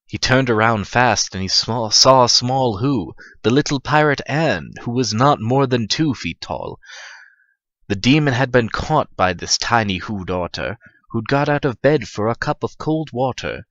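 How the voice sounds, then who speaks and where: A man's voice: medium pitch, animated, measured pace, fairly bright tone, no echo. A man reading a rhyming holiday tale aloud as a profane comic parody, stumbling over lines, in a dull, dry lo-fi recording. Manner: profane, stumbling, laughing at himself. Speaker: reader. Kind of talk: comedic parody read-aloud.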